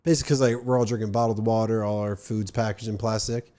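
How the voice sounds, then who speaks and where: A young man from northern New Jersey hosting a loose, casual conversation. He rambles, leaning on fillers as he talks, and his voice is dark and mellow. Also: lowish voice, steady tone, fast. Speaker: podcast host. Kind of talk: casual chat.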